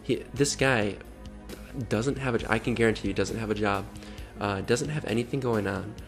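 A man's voice: lowish voice, normal speed, creaky, soft background music. A man vlogging in casual commentary, sarcastic, mocking and exasperated.

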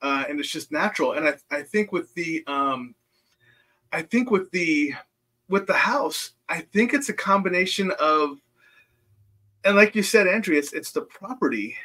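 Outgoing man with a bright forceful voice. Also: fairly high pitch, animated, normal speed. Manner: outgoing, laughs often, talks about himself readily. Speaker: guest psychic medium. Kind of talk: casual chat. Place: home in Nebraska.

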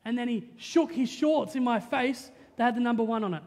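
A young Australian man preaching a sermon as pastor, lively and joking in a conversational way, often checking in with "right?". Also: very high-pitched, fairly quick. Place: church auditorium. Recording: long reverb of a church hall.

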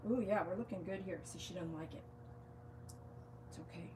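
A woman's voice: on the low side, brisk, background noise. A woman dog groomer talking outdoors on a live-streamed grooming demonstration, chatty, coaxing and reassuring.

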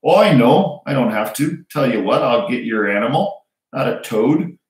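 A man's voice: medium pitch, expressive, normal speed, natural voice. A man voicing a big, kindly, folksy giant groundskeeper. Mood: bluff. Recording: roomy echo.

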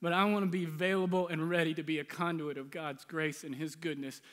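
A man's voice: fairly high pitch, little pitch movement, a little fast. A middle-aged man preaching a storytelling sermon, humorous and self-deprecating, often laughing at himself. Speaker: pastor. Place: large church sanctuary. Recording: reverberant church hall.

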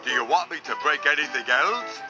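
A man voicing an eager young male digger machine in a storybook, speaking excitedly. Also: fairly high pitch, fairly quick, music in the background, natural voice. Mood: proud.

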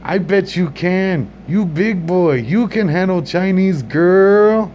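A man voicing a grinning, pushy male restaurant host who speaks in slow, clipped, broken phrases. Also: high-pitched, a little mellow, highs cut off, slight background noise, voice pushed up. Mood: teasing.

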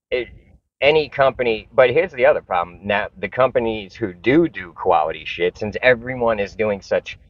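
A man's voice: sits low, lo-fi sound. A man vlogging in a casual, frustrated rant, swearing and rambling with many restarts. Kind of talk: casual ranting monologue.

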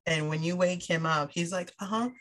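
A woman's voice: on the low side, moderate pace. A woman sharing a personal testimony in a sermon, telling her story with emphasis and acting out the dialogue. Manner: animated storyteller who acts out dialogue; emphatic, repeats phrases for stress. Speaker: church speaker sharing a testimony.

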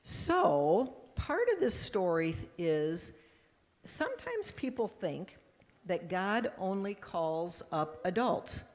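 A woman pastor giving a children's message in church, telling a story lively and acting out the voices, with a handheld microphone. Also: on the low side, takes it slowly. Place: church sanctuary. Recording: long church reverb.

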